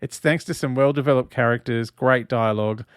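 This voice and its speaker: A man's voice: mid-range voice, fairly even intonation, brisk, clear, resonant tone, dry recording, studio quality. A man hosting a casual watch-along, reading chat aloud and commenting, with a giggly, camp manner and frequent laughter. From Australia. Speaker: host of a watch-along stream.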